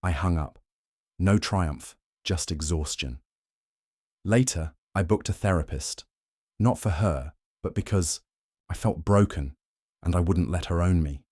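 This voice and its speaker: A man narrating a first-person drama story in a cold, measured way. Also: sits low, a little mellow, no room sound, clean studio sound.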